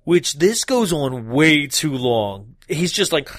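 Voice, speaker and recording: A man's voice: a little high, takes it slowly, dry recording, clean studio sound. A man co-hosting a casual podcast chat about a horror movie, laughing often and acting out scenes. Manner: animated, laughing, acts out scenes. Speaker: podcast co-host.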